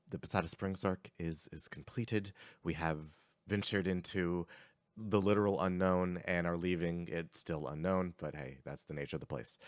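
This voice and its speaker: Man, game master, low voice, dry close sound, halting narration with fillers. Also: no echo. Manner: halting, many fillers and restarts.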